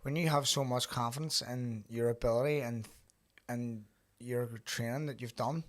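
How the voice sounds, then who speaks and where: A young man hosting a podcast in a relaxed, easygoing way. He's a boxer who drops swear words casually and spins stories from the ring. His voice sits at an ordinary, middling pitch. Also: normal speed. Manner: laid-back, swears freely, tells stories. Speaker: podcast host and pro boxer.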